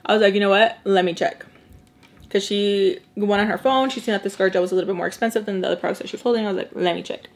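Young cali lady gossiping storytime style, mid pitch, keeps doing little voices for everyone in the story. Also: racing. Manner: chatty, acts out quoted voices, drops into Spanish slang. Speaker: makeup artist and vlogger. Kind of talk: storytime chat while eating.

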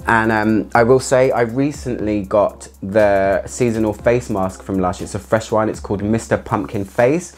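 A man chatting casually through a product review, excitable and laughing often as he talks. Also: fairly low pitch, moderate pace, few pauses, faint music behind. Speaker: fragrance reviewer.

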